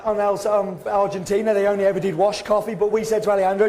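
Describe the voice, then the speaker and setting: Man, hoarse voice, fairly high-pitched, self-mocking storyteller, casual podcast chat. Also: flat delivery, fast, a little mellow. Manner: chatty, self-mocking storyteller, acts out quotes. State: hoarse, voice going. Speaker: podcast host and coffee roaster.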